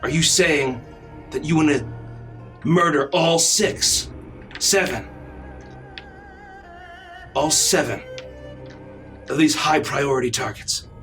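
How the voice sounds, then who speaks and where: A man voicing a stern, calm female orc leader who speaks low, measured and firm in a tabletop game. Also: faint music behind.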